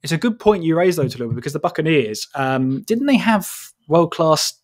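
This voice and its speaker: A man's voice: on the high side, lively intonation, brisk. A man hosting a sports podcast in casual chat, steering the talk and posing questions, often restarting his phrases. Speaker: podcast host.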